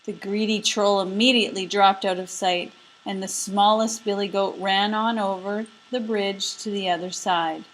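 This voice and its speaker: A woman narrating a folk tale in an expressive storybook reading. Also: medium pitch, normal speed, poor audio.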